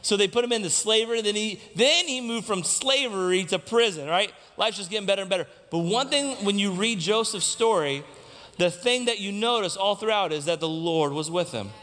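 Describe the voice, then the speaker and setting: A man's voice: sits high, a little fast, sharp tone. A male pastor preaching a sermon, asking the congregation questions and repeating key lines for emphasis. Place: church sanctuary. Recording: long reverb of a church hall.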